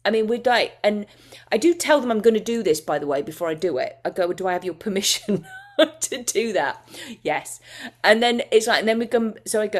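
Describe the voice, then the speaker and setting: A woman's voice: mid-range voice, moderate pace. A woman hypnotist teaching a masterclass, talking casually and emotively with frequent restarts.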